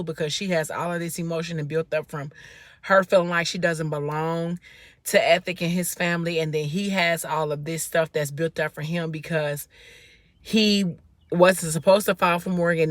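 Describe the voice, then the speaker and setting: A woman's voice: on the low side, a bit bright, dry recording. A woman vlogger casually recapping a book from inside a car, rambling with lots of fillers. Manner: rambling retelling with many fillers.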